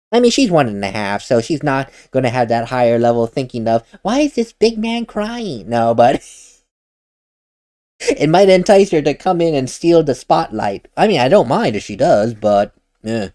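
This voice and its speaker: A man's voice: mid-range voice, very animated, moderate pace, pauses often, mellow. A man hosting a let's play, giving casual commentary with laughing, rambling asides.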